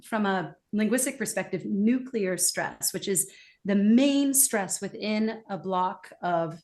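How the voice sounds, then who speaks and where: A woman talks as a guest expert in an interview. Her voice sits at a middling pitch, and she explains with animation. She now and then acts out the reactions she describes. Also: expressive, takes it slowly, a little mellow.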